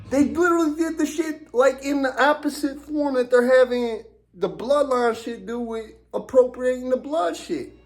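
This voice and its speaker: Animated profane man ranting. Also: very high-pitched. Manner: animated, profane, rambling with many fillers. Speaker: former wrestler. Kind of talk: casual podcast rant.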